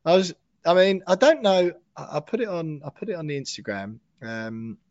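A man co-hosting a podcast in casual chat, excitable and chummy, often saying mate. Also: fairly high pitch, moderate pace, no room sound, highs cut off. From England. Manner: excitable, chatty, says mate a lot. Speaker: podcast co-host.

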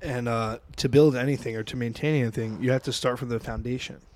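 A laid-back podcast co-host from Lebanon chats casually. He laughs easily and chimes in with short remarks, in a voice of middle pitch. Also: fairly even intonation, quick pace, darkish tone. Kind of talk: casual chat.

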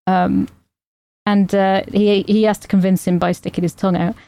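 A woman's voice: mid-range voice, flat delivery, moderate pace, dark tone, no echo. Laughing, rambling woman recapping a film. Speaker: podcast co-host. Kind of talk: casual film chat.

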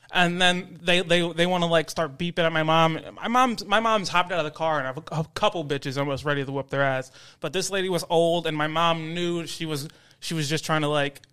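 A man co-hosting a casual podcast, telling an animated story and mimicking voices as he goes. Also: fairly high pitch, clear, resonant tone, no echo. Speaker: podcast co-host. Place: studio basement.

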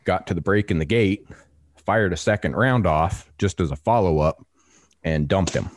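A man co-hosting a podcast, telling a story in a casual, animated, salty way and acting out voices. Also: deep voice, moderate pace. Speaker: podcast co-host.

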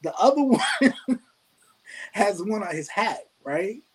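A man, a rapper guest, telling a story in casual chat, animated and laughing often, repeating himself. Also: high voice, slow, slightly rough, low-quality recording.

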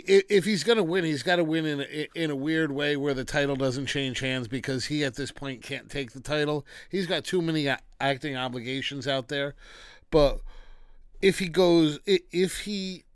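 A man's voice: mid-range voice, clear, resonant tone, no room sound, studio quality. A man giving a rambling, casual solo review of a wrestling show, dismissive at times and breaking into rants.

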